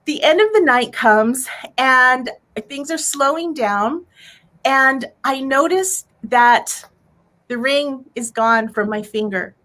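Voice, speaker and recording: Woman storyteller from Arizona, high voice, earnest, heartfelt personal tale. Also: takes it slowly, sharp tone. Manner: earnest, heartfelt, acts out her own quoted thoughts.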